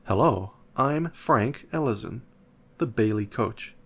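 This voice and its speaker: A man voicing a polite, nervous male school coach who stammers, in a slow storybook reading. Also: mid-range voice, animated, fairly bright tone, husky, exaggerated voice.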